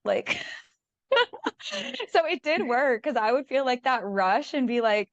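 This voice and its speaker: A woman's voice: high-pitched, measured pace, pauses often, dry recording. Woman rambling through her story, acts out what she was thinking, kinda dull dry recording. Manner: animated, acts out her own thoughts with lots of "like". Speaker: guest. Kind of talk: casual storytelling.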